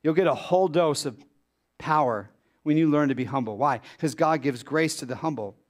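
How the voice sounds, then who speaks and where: Addressing his congregation at normal speed, a male pastor preaches with animation. His high voice rises on rhetorical questions, then falls low and quiet when he wants to drive a point home.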